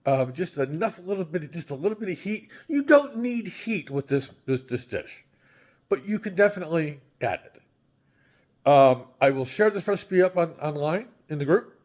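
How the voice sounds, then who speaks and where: A man's voice: a little high, sing-song, moderate pace, darkish tone. A man hosting a casual home cooking vlog, chatty and rambling with frequent ums and restarts. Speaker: home cooking show host.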